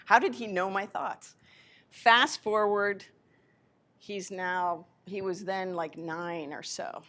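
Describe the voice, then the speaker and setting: A woman with a mid-range voice tells personal stories to a live audience. She speaks as a spiritual teacher, animated and chatty, and often stops to rephrase herself mid-sentence. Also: medium pitch, takes it slowly. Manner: animated anecdotes with self-corrections. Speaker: spiritual teacher giving a lecture. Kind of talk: live lecture storytelling.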